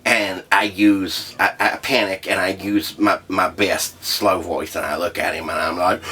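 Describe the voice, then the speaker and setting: A man hosting a comedy show, telling a profane story in a brash, loud way. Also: sits low, level tone, unhurried, few pauses, breathy edge. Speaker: host. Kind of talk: comedic monologue.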